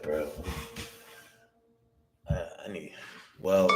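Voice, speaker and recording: Deep-voiced man trading live, thinking aloud. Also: normal speed, long pauses, soft background music. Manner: self-talk, swears, second-guesses himself. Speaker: day trader streaming live. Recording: roomy echo, faint background noise.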